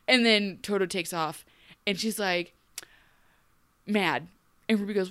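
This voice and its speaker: A woman co-hosting a podcast, giving a wry, animated recap with frequent laughs. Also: medium pitch, a little slow, smooth. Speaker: podcast co-host. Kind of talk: casual recap chat.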